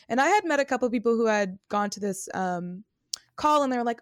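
A woman's voice: a little high, normal speed, no echo, clean studio sound. Chatty woman telling a stage story. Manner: animated, chatty, laughs often, many fillers. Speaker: Broadway performer, guest. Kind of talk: casual interview storytelling.

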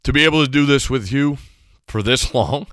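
A man with a bright, clear, resonant voice co-hosts a sports podcast. He speaks earnestly in halting bits, and the recording sounds dry and close. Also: medium pitch, no room sound. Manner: earnest, halting, laughs between phrases. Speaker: podcast co-host. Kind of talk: casual sports podcast chat.

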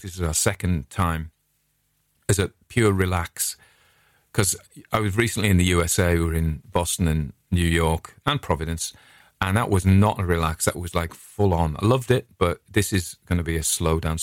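A man's voice: sits low, moderate pace, dry recording, clean studio sound. A middle-aged English man chatting casually, a digressive and friendly storyteller who hosts his own show. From England. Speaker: podcast host. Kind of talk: casual rambling chat.

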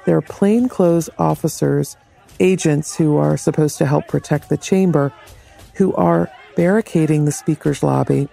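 A man with a gravelly, mellow voice lays out a news account in a measured, analytical way. His voice sits slightly high. Faint music and crowd sound linger behind him. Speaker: reporter.

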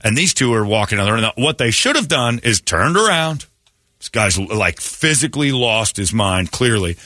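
A man with a low but bright, forceful voice hosts a casual morning radio show. He tells stories with energy and jumps up high when acting out what people said. The sound is dry and close. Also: moderate pace, dry recording. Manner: animated storytelling, acts out quotes in a raised voice.

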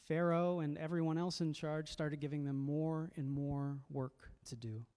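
A man's voice: fairly high pitch, fairly even intonation, a little slow, a little mellow, smooth. A man preaching a sermon as a pastor, reflective and conversational, often repeating words as he goes.

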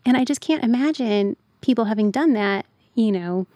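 A woman writer appears as a podcast guest, chatting casually and telling stories packed with "like" fillers. Her voice is a little high and mellow, with lively intonation and a moderate pace, and the recording has no echo.

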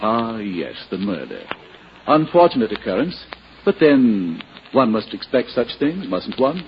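A stiff, self-righteous gentleman's valet who lectures in prim, formal phrases. His pitch rises and falls a lot as he preaches. The old radio broadcast sounds dull and carries a faint hiss. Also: very animated, measured pace. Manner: pompous, overly formal and preachy. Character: prim moralizing male valet, pompous and stiff. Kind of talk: 1940s radio acting. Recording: hissy 1940s radio broadcast.

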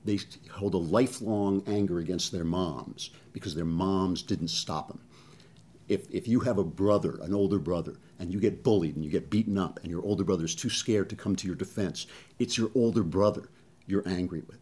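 A man's voice: low voice, normal speed, darkish tone, slightly rough. A man hosting a political commentary show, delivering a sarcastic, conversational monologue. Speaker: talk show host.

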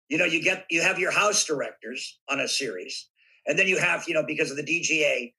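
A man telling animated stories in a casual interview, acting out bits of dialogue as he goes. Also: a little high, breathy edge, low-quality recording. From United States. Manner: animated raconteur, acts out voices in anecdotes. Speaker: guest actor. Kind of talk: casual interview chat, storytelling.

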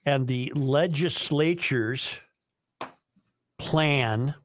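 A male radio host reading headlines aloud, spelling out details in an unhurried way. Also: medium pitch, no echo, studio quality. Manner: unhurried, dictates text word by word. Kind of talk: reading show headlines on air.

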